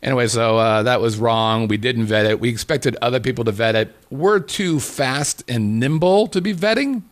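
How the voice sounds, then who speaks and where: A man co-hosting a casual podcast, joking and laughing often as he riffs with his partner. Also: mid-range voice. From Las Vegas resident. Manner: joking, animated, quick laughter. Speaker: podcast co-host.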